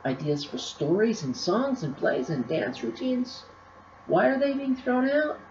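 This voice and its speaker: A woman's voice: lowish voice, lively intonation, moderate pace, mellow, a little hiss or hum, pitched above the performer's own voice, close to an everyday voice. A woman voicing a small, eager female muse who speaks up with glee. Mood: gleeful. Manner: gleeful, exclaiming. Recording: roomy, slightly dull recording.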